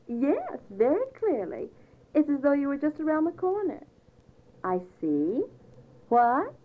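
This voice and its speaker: A woman's voice: sits high, narrow, tinny audio, full character voice. A woman reading a comedy play aloud, voicing a gushing, theatrical actress who swoons breathlessly over a lover. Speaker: amateur reader performing a comedy play. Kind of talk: read-aloud play scene.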